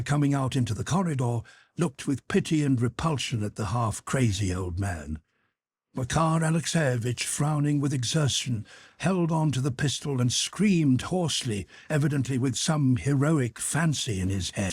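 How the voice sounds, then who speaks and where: Husky male audiobook narrator. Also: mid-range voice, no echo, studio quality. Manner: expressive, dramatic reading. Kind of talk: scripted narration.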